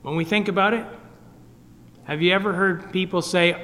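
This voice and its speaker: A man from Canada preaching an earnest gospel sermon, pleading with his listeners and swinging between loud and soft. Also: high-pitched, steady tone, normal speed, big-room sound. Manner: earnest, pleading, rises and drops in volume. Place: meeting hall.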